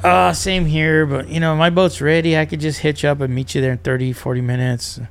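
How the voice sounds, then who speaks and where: Gravelly man telling fishing stories. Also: on the high side, a little fast. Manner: animated, acts out quotes, frequent restarts. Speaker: podcast guest, angler. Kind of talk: casual storytelling.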